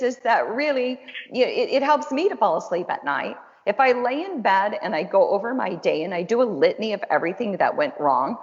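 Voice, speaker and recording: A woman host and counselor talking casually and encouragingly, with a chatty, self-deprecating way of speaking. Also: mid-range voice. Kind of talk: casual conversational webinar talk. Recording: dull lo-fi audio with long reverb.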